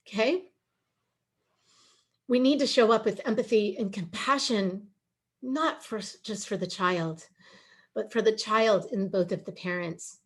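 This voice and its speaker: A middle-aged woman giving a webinar presentation over a video call, earnest and emotional, pleading at times. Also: medium pitch.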